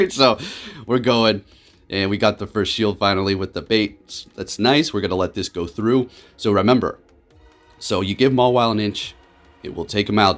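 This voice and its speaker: Hosting his gaming channel, a man with a lowish voice offers excitable play-by-play of his matches. His tone swings rapidly from frustrated to amused laughter.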